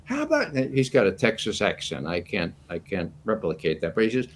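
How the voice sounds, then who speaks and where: A man in his eighties, a guest commentator, telling stories in an animated, anecdotal way and chuckling often. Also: low voice, moderate pace, slight background noise. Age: 80s. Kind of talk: casual storytelling commentary.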